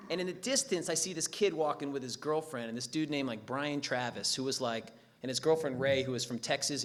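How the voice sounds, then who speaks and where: A man speaking at a recovery meeting, telling a comic personal story in a profane, animated way. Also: mid-range voice. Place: meeting room.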